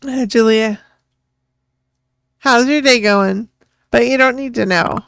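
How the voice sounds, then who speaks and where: High, gravelly woman streamer. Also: slow pace, fairly bright tone, no room sound, studio quality. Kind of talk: casual gameplay commentary.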